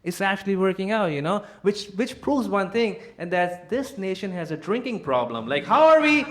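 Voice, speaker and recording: A man's voice: high-pitched, big pitch swings, normal speed, a little hiss or hum. Guy in his 20s hosting a comedy club roast, brash and crude, ribbing the crowd, echoey room. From India. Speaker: roast battle host. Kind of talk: stand-up with crowd work.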